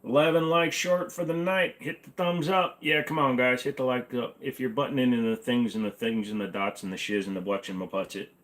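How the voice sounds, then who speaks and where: Speaking at a medium pitch with a level tone, this livestream host in his forties talks fairly quickly with few pauses, and his voice is slightly bright. He's running a casual Q&A from his apartment's bedroom-living room, joking and rambling offhandedly.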